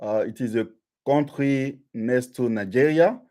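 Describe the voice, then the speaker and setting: Guy w a french accent doing a live q&a, warm low-key voice, lots of uh and restarts. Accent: French-accented English. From Benin. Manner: halting, many restarts and fillers. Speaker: livestream host. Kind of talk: live Q&A advice stream. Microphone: livestream webcam.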